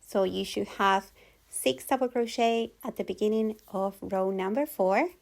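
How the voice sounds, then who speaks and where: A woman giving a calm, patient step-by-step crochet tutorial voice-over, repeating each step clearly. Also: medium pitch, a little slow. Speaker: crochet instructor.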